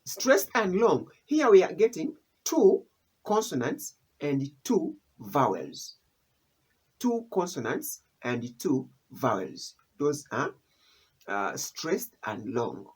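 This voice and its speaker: A teacher talks through a language lesson at an unhurried, deliberate pace. The voice is husky and rises and falls a lot, and the speaker keeps repeating each key term. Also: medium pitch, wildly swooping pitch, darkish tone. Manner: repeats key terms, explains step by step.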